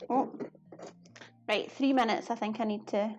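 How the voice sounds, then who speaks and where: A woman's voice: fairly high pitch, steady tone, moderate pace, heavy background noise. A woman chatting casually to her viewers during a live cooking stream, giggling often.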